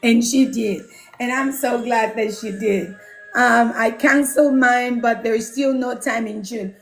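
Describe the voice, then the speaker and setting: A woman's voice: fairly high pitch, steady tone, measured pace, creaky, faint music behind. A woman hosting a casual livestream, chatting with viewers, reading out their comments and greeting them by name with plenty of laughter. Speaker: livestream host and home care business mentor.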